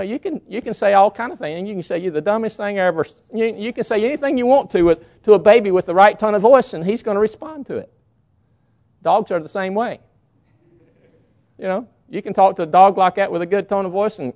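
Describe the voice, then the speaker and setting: A man's voice: high-pitched, darkish tone. A man preaching a sermon in an emphatic way, often acting out short quotes to make his point. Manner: emphatic, illustrating with acted quotes. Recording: dull lo-fi sound.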